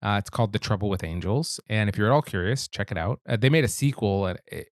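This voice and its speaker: A man co-hosting a film podcast, talking in a relaxed, laid-back way about movies. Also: lowish voice, quick pace, no echo, clean studio sound. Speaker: podcast co-host. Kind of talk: casual film discussion.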